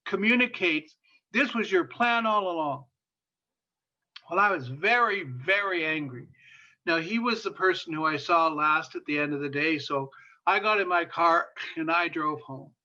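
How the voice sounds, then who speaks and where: A man's voice: high-pitched, pushed and bright. A man giving a lecture as a guest speaker, telling a story with passion, repeating phrases for emphasis and using many fillers. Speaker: guest speaker on sexuality and disability. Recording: dull lo-fi sound.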